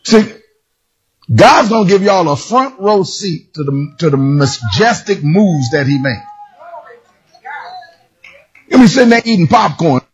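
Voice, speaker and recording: A man preaching a sermon with a raspy voice, often shouting and sliding into a singsong lilt. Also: high voice, measured pace, pauses often. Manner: animated, shouting, singsong emphasis. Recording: dull lo-fi recording.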